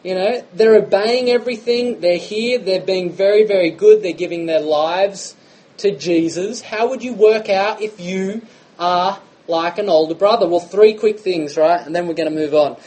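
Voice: medium pitch, normal speed, a little mellow, low-quality recording. A preacher, giving a conversational sermon full of rhetorical questions.

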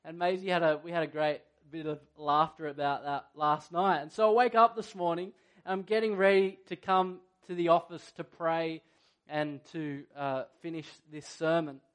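A man's voice: fairly high pitch, fairly even intonation, moderate pace. A middle-aged male pastor preaching a sermon in an earnest, conversational way, often asking his listeners questions.

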